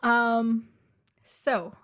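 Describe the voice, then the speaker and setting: A young woman with a slightly high voice co-hosts a relaxed book-club podcast. She teases her co-host and laughs easily in a playful, friendly tone. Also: very slow, smooth. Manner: teasing, playful, laughs often. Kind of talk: casual book-club chat.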